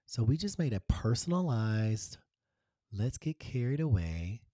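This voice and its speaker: A man's voice: deep voice, mellow, dry recording, studio quality. A man hosting a casual design tutorial, chatting to viewers in a gushing, playful way. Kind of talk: casual screen-share tutorial.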